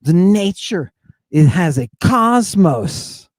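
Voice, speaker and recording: Theatrical male host, slightly high voice, dry close recording. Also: sing-song, slow pace, no echo. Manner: combative, theatrical, swings between loud outbursts and hushed asides. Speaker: show host. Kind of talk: fired-up monologue, reading ancient Greek text aloud.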